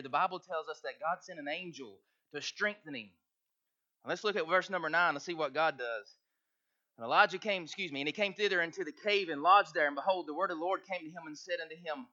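A man's voice: fairly high pitch, fast talker, bright, forceful tone, highs cut off. A man preaching a sermon, reading scripture and building intensity.

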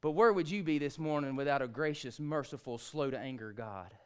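A man, preaching a sermon, swinging between hushed, quiet lines and loud, rising ones. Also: medium pitch, fairly quick, smooth. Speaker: pastor.

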